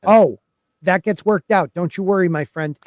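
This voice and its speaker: A man's voice: sits high, moderate pace, dry recording, clean studio sound. A man hosting a casual podcast chat, reading fan theories aloud with playful emphasis and laughing often.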